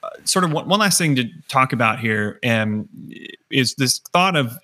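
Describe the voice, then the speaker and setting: A male podcast host in easy, casual chat. His voice is bright with a forward edge, and he talks in a joking, rambling way, full of fillers and restarts. He sits at a middling pitch. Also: lively intonation, normal speed.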